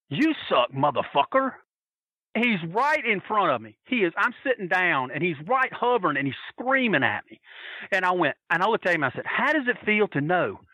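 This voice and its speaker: A man telling wild anecdotes in a casual, profane, animated way, acting out other people's voices and laughing as he goes. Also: high voice, no room sound, lo-fi sound. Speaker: storyteller guest.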